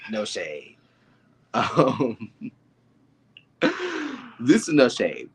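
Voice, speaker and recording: A man co-hosting a casual reality TV review chat, campy and animated, laughing often and jumping to shrieking high asides. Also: drawn-out words, background noise. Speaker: podcast co-host reviewing reality TV.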